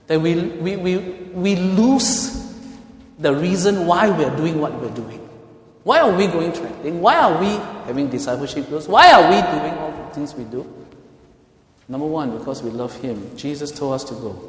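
A male pastor preaching a sermon, swinging between loud emphatic lines and soft hushed ones. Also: medium pitch. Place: church. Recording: echoey hall with long reverb.

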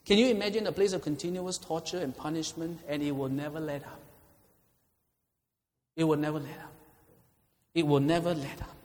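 A man preaches a fiery sermon. He swings from loud declarations to hushed, intense asides. His voice rings out with a long reverb in a church hall. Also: fairly high pitch, fairly even intonation, normal speed, long pauses.

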